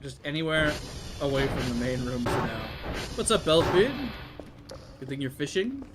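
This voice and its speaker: A man's voice: mid-range voice, expressive, moderate pace, very noisy. A man streaming a game, thinking aloud to his chat in a loose, muttering, self-mocking way. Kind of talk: casual gameplay commentary to chat.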